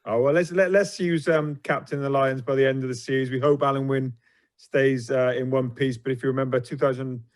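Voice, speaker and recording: A man's voice: mid-range voice, steady tone, brisk. Man, panel guest, self-deprecating, easygoing. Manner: self-deprecating, good-humoured. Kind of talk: casual panel chat.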